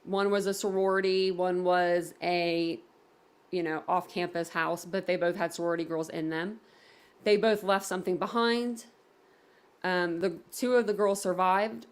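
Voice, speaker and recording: A woman's voice: fairly low pitch, steady tone, measured pace, clear, resonant tone. A woman hosting a casual livestream, talking in a rambling way with many fillers and reading viewer comments aloud. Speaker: livestream host reading chat.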